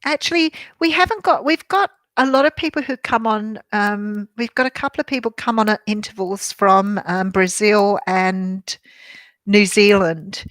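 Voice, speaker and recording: A woman's voice: mid-range voice, normal speed, a bit bright, dry recording, clean studio sound. An older Australian woman, a tarot reader, chatting casually on a live stream and answering viewer comments with a bubbly, laughing manner. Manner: chatty and bubbly, laughs often, many ums.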